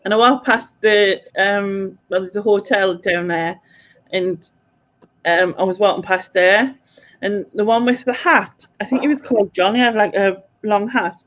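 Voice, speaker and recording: A woman's voice: medium pitch, steady tone, unhurried. A woman hosting a casual chat tells a rambling story at an easy pace, with laughs slipping into her words. Her voice sits in the middle of the range and comes through dull, lo-fi audio. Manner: chatty, rambling, laughs while talking. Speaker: channel host.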